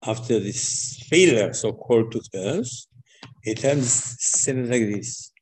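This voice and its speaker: A man gives a storytelling Torah lesson at a medium pitch. He acts out the dialogue with lively swings in his voice and repeats words for emphasis. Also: takes it slowly, slight background noise. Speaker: religious teacher.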